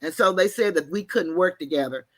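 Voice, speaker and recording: A woman telling a story in an animated, folksy way, mixing slang and cussing. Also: lowish voice, fairly quick, no echo. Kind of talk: casual storytelling.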